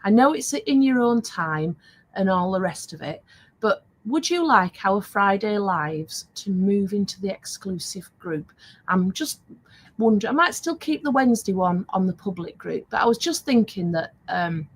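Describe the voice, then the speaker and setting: A woman's voice: medium pitch, animated, moderate pace, husky, low-quality recording. An older woman hosting a casual live stream, chatty and laughing often as she reads out viewer comments. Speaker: live stream host selling craft supplies.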